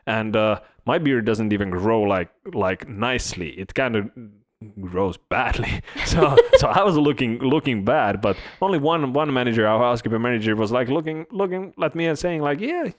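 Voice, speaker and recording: A man's voice: medium pitch, expressive, normal speed. A man co-hosting a podcast, telling work stories in a casual chat, with many hesitant restarts. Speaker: podcast co-host.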